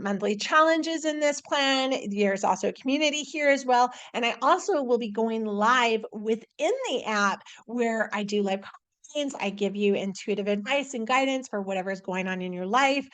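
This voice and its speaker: A woman's voice: on the high side, a bit bright. A woman working as an intuitive life coach, talking at home in a casual live video, upbeat and rambling, with many restarts and fillers.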